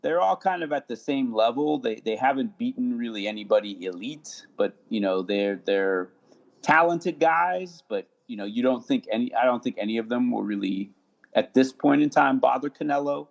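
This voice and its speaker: A man talking as a podcast guest, relaxed and casual, with lots of fillers and repeated words. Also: mid-range voice, normal speed, gravelly. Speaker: podcast guest, sports attorney.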